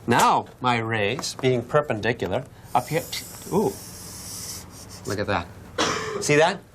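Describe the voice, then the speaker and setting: Speaking slowly in a mid-range voice, with background noise around him, a Massachusetts man teaches physics at the board. He mixes storytelling with classroom chat, animatedly acting out shouted exchanges and asking the class questions. It's a lecture that includes a demonstration.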